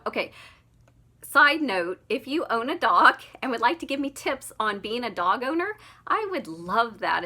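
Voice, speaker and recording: Bright-voiced chatty woman. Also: a little high. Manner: gushing, chatty, laughs often. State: slightly out of breath after walking dog. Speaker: vlogger. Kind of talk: casual unboxing vlog.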